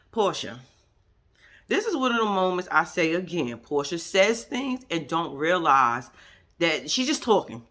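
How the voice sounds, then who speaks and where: A woman dishes on a reality show in casual, blunt talk, cursing freely and laughing as she goes. Her pitch swings widely and animatedly. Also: very animated, unhurried, fairly bright tone. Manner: blunt, profane, sassy, laughs often, mimics people. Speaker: reality show recap host. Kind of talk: casual commentary and recap.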